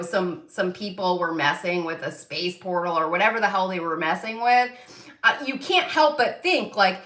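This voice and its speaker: Woman, psychic host, rambling casual monologue, emotional, near tears, bright voice, roomy echo. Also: medium pitch. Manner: rambling, filler-heavy, swear words. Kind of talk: casual spiritual monologue to viewers.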